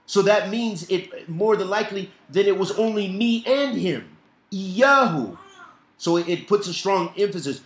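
A man teaching a Quran commentary lesson, explaining verses with quick recited quotations and repeated emphasis. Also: sits high, lively intonation, reverberant. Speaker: Islamic teacher.

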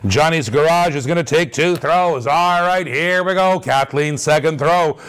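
A man hosting a live auction stream, calling out dice throws with energetic, repetitive hype patter. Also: a little high, measured pace, smooth.

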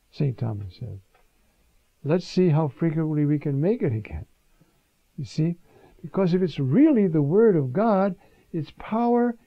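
A man's voice: a little high, gravelly, dry recording. A man preaching as a priest, giving a conversational homily on scripture and often asking the listeners questions. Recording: dull dry lo-fi recording.

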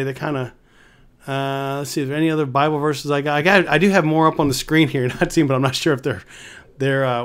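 A man hosting a Bible teaching video. He reads verses aloud and then explains them in a conversational, emphatic way, often restarting and adding tag questions. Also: medium pitch. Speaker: host of a Bible teaching channel.

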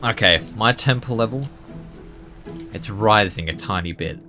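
A young man hosting a gaming channel, giving jokey, excitable commentary that bursts into loud yelps. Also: lowish voice, measured pace, soft background music. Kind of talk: gameplay commentary.

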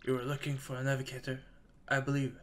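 A man's voice: mid-range voice, completely flat delivery, fast talker, slight background noise, lightly acted. A man voicing an old, grieving sea captain who speaks in a blustery, old-fashioned formal way. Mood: tender. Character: Admiral Bobbery, gruff grieving old male sailor.

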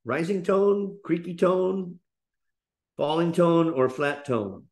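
A man teaching a webinar lesson on speaking, explaining slowly with frequent fillers and restarts. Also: a little high, darkish tone. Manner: demonstrates example phrases in a lifted, playful voice.

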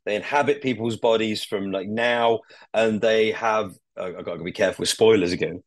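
A man's voice: lowish voice, steady tone, a little fast, no echo. A young man chatting on a podcast as a guest, rambling with lots of fillers and casual swearing.

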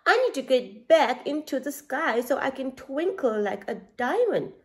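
Woman reading as a sad little star who fell out of the sky, slow and pleading. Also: high-pitched, big pitch swings, a little mellow. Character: little fallen female star.

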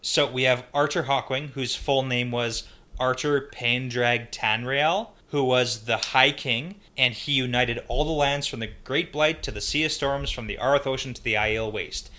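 A man co-hosts a book podcast, laying out story background in a steady, explanatory way and agreeing often with his partner. His voice is bright and of ordinary pitch. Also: measured pace. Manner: explanatory, even-toned, frequent agreeing "yeah". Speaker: podcast co-host. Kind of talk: casual book discussion.

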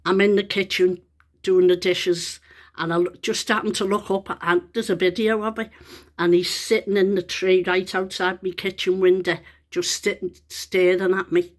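A middle-aged woman filming a casual vlog outdoors in her back garden on a phone, chatty and excited as she calls to a bird. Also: lowish voice, normal speed. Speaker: vlogger.

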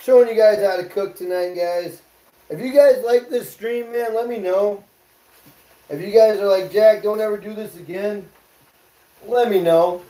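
Hosting a casual cooking livestream from his home kitchen, a man jokes loosely, swears freely and talks with his chat while cooking. His mellow voice sits high at a moderate pace, and the recording is reverberant and rough.

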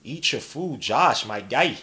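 A young man hosting a podcast, giving casual live play-by-play and reading the chat aloud in an animated, slangy way. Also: medium pitch, slow pace. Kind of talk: casual live-stream commentary.

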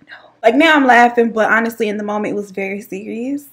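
A woman's voice: on the high side, quick pace, few pauses, fairly bright tone. A woman telling a dramatic personal story to her viewers in a sassy, chatty way. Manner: sassy, dramatic, calls listeners child and girl. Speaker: YouTube storyteller.

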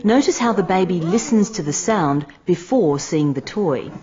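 Calm woman voice-over for an instructional video, low and warm, a little lo-fi. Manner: calm, measured, explanatory. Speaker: narrator. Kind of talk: scripted instructional narration.

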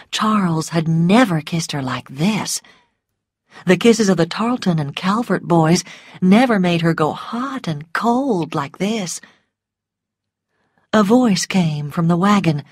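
Slow, low-voiced woman narrating a story. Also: dry recording, studio quality. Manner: slow, careful, clearly paced reading. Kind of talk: scripted story narration for English learners.

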